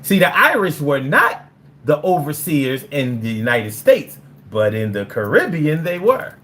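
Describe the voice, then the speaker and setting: Animated, blunt-talking male streamer. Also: a little high, measured pace. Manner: blunt, profane, argumentative. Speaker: livestreamer reading viewer chat. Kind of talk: casual livestream chat.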